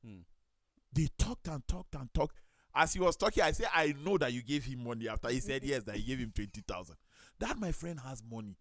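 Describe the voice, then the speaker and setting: A man's voice: mid-range voice, fairly quick, no echo. A man with a Nigerian accent, a pastor hosting a studio talk show, telling anecdotes and acting out the people he quotes. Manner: storytelling, acts out quoted voices, lively.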